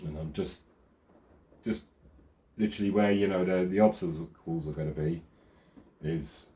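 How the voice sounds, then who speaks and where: Low, husky-voiced hobbyist man. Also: fairly even intonation, a little slow, mellow. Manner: rambling, chatty, self-deprecating. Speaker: model railway hobby vlogger. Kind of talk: casual hands-on craft commentary. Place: outdoors.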